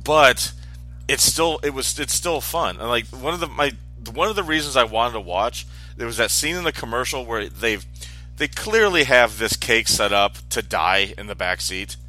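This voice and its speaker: A man with a bright, forward voice co-hosts a casual podcast. He talks in an animated way, often sarcastic and ranting, over faint background music. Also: mid-range voice, moderate pace. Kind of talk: casual chat.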